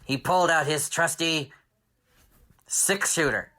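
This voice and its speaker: A man hosting a children's story podcast, telling an improvised tale with shouted sound effects and dramatic hushed asides. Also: on the high side, slow pace.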